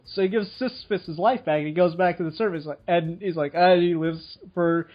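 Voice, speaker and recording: A man's voice: fairly high pitch, fairly quick, few pauses. A man co-hosting a casual chat, retelling a myth in a rambling, profane way and laughing as he goes. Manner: rambling, profane, laughs while telling a story. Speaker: podcast co-host. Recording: dull lo-fi sound.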